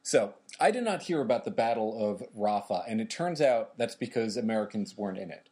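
A man's voice: fairly low pitch, brisk. Man casually explaining history. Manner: relaxed, explains events conversationally. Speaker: podcast co-host.

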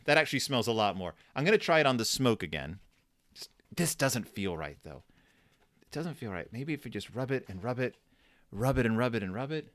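A man's voice: medium pitch, a little fast, dry recording. A man with a wry, jokey way of talking gives comedic commentary and lets his voice swing widely up and down. The recording is dry and close, with no room sound. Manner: wry, jokey, animated storytelling. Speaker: host reviewing a scratch-and-sniff storybook.

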